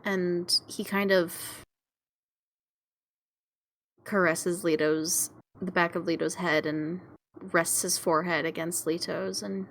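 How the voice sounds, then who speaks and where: A young woman talks through her character's actions at a game table. She speaks slowly and haltingly, pausing often. Her voice sits low for a woman, bright and gravelly. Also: rough recording. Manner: slow, halting description of actions. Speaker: player. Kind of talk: casual tabletop gaming chat.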